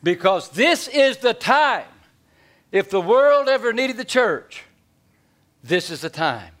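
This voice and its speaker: A man delivers a sermon in a slow, folksy, animated style, his voice fairly high for a man. He swings between loud bursts and hushed asides.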